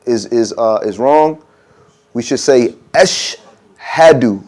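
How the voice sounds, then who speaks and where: A man's voice: medium pitch, normal speed, a little mellow. A man teaching a workshop in a mosque room. He talks casually, checks in often with "okay?" and says pronunciations aloud to show them. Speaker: adhan workshop instructor.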